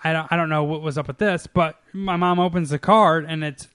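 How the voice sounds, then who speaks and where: Young man, high pitch, casual chat, profane, laughing, rambling. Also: fairly even intonation, a little fast, fairly bright tone, clear, resonant tone. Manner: rambling, swearing storyteller, laughs often.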